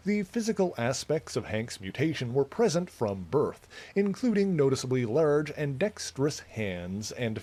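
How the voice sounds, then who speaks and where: A man's voice: medium pitch, dark tone. A man streaming a game live from home into a desk microphone, chatting playfully, rambling between gameplay remarks and teasing his cat.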